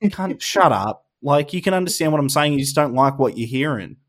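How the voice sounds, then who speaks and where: A man with an Australian accent chatting casually, blunt and quick to swear. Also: on the high side. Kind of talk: casual podcast chat.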